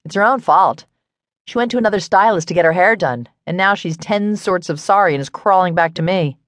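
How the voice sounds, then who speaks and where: A woman's voice: on the low side, brisk, no room sound, voice pushed up, lightly acted. A woman voicing a nosy, teasing woman who works as a stylist, with a playful, prying manner, in an audiobook.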